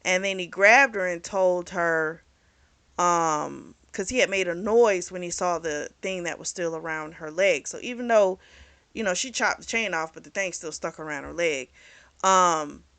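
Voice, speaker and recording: Lady chatting through a book plot, kinda low voice, swears a lot, lots of ums, dry sound. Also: a little slow, fairly bright tone, no echo. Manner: rambling, frank, swears freely, lots of fillers. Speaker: book reviewer. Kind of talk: casual book recap.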